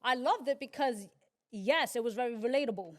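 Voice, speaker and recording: A woman's voice: a little high, brisk. A woman hosting a casual podcast interview, talking conversationally and affirming her guest often. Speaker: podcast host.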